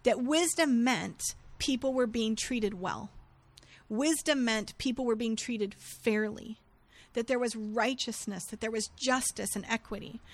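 A woman with a slightly high voice leads a teaching recap, reading scripture aloud and reflecting on what it means. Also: a little slow, no echo.

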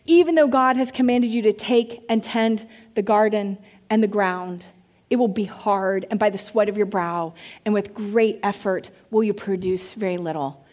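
A woman's voice: mid-range voice, a little mellow. A woman pastor giving a sermon, reading scripture and breaking into conversational, playful asides.

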